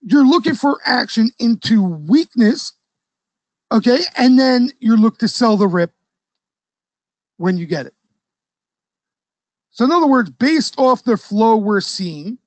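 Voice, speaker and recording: A man's voice: sits high, no echo, low-quality recording. A man hosting a casual trading session for a live audience, talking loosely with trader slang and often checking in with "okay?". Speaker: stock trading educator and host.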